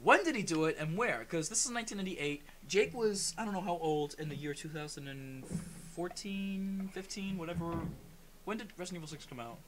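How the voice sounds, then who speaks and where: A man's voice: sits high, lively intonation, brisk, crowd noise. A man chatting casually over a co-op game, rambling through stories with lots of fillers. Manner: rambling storyteller, many fillers, loud shouted bits. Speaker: co-op gaming commentator. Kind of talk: casual gameplay chat.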